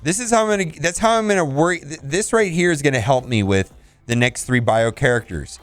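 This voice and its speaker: A man's voice: a little high, lively intonation, fairly quick, no echo, faint music behind. A man hosting a casual game video, reviewing store offers with blunt verdicts and laughs. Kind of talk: casual commentary.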